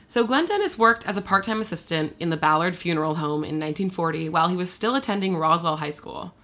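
A woman co-hosting a podcast, telling a story in casual chat, animated and full of fillers. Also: lowish voice, fast talker. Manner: chatty, animated, many fillers and laughs.

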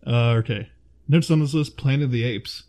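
A relaxed, mid-pitched man talking casually with a friend about old films. He chats loosely, laughs easily and stops to hunt for actors' names. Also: moderate pace. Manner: chatty, laughs often, searches for names aloud. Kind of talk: casual chat.

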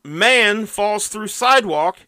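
Bright, dry-voiced man chatting casually. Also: high-pitched, expressive, slow pace, dry recording. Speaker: podcast co-host. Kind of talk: casual chat.

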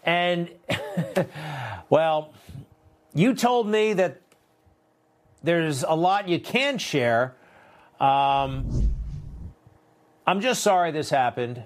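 A man's voice: a little high, very animated, drawn-out words, long pauses. Impassioned man hosting a TV interview. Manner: impassioned, indignant. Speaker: host.

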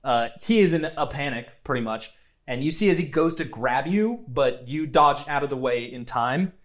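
A man narrating a tabletop role-playing game as game master, laughing often and talking quickly. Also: medium pitch, expressive.

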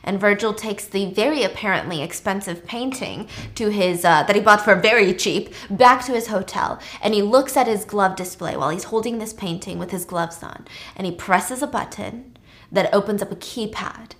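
A woman hosting a casual chat, recapping a movie in an animated, joking way. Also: mid-range voice, normal speed. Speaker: host.

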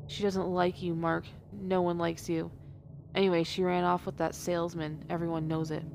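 A woman's voice: on the low side, little pitch movement, normal speed, creaky, a little mellow, a little hiss or hum. A woman reading out a spiteful, gossiping woman's lines from a play script. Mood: scornful. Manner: read aloud from a script, cutting.

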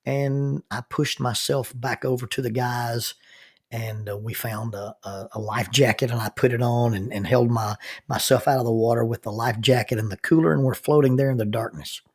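A minister telling a personal story in an earnest, halting way, often restarting his sentences. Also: medium pitch, steady tone, a little mellow, husky.

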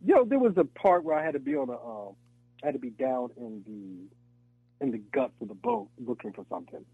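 A man, an actor, talking in a relaxed interview and telling animated stories, acting out voices and laughing often. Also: a little high, fairly quick, creaky, slightly rough, no echo, phone-quality sound. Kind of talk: casual interview chat.

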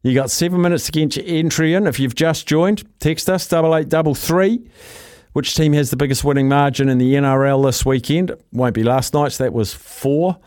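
A man hosting a casual radio show, reading out listener texts with brisk, jokey asides. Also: on the high side, darkish tone, smooth, no room sound, clean studio sound. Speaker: radio host.

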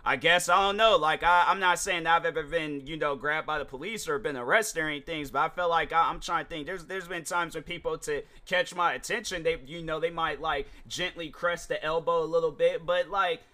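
A man's voice: a little high, fairly even intonation, a little fast, hardly any pauses, sharp tone. A man hosting his own podcast, talking in a casual, rambling and slangy way with frequent restarts. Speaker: podcast host. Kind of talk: casual solo podcast monologue.

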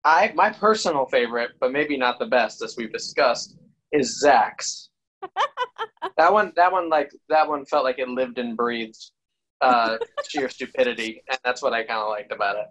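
A man's voice: mid-range voice, moderate pace, fairly bright tone, rough recording. A man casually chatting with friends, laid-back and laughing between remarks. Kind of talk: casual chat.

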